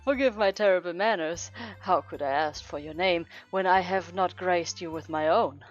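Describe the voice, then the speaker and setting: Woman doing a deep-voiced French charmer. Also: moderate pace, highs cut off, faint music behind, natural voice. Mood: gallant. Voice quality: lowered deep voice. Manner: mock French accent, theatrical.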